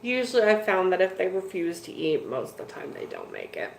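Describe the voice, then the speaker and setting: A woman casually streams about her fish from a home room lined with tanks, chatting rambly with viewers and using "like" and "dude" a lot. Her gravelly, fairly low voice swings hugely in pitch and runs a little fast, recorded in an echoey room with faint noise.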